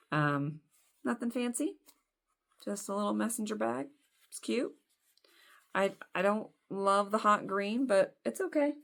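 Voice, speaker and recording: A low-pitched woman in her forties talks through a doll-clothes unboxing. She rambles into chatty, self-deprecating asides as she holds up each piece. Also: gravelly. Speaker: doll collector vlogger. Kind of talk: casual unboxing chat.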